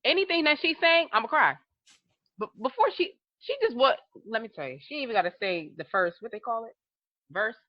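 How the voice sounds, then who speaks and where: A woman's voice: fairly high pitch, fairly quick, no room sound, dull audio. A woman co-hosting a podcast in casual chat, telling stories with lots of laughter and acted-out quotes. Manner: animated storytelling, laughs often, acts out quotes. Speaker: podcast co-host.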